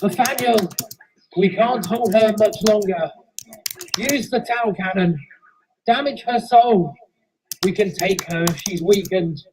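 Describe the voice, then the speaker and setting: A woman voicing a grim, calm male ghost engine who speaks slowly in a low, solemn tone. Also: background noise, natural voice. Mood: urgent.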